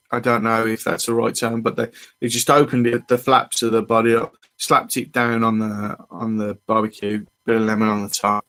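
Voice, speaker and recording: Brief: male host, mid-pitched voice, rambling and friendly live-stream chat. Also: fairly bright tone. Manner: rambling and chatty, greeting viewers as they arrive. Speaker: fishing channel host.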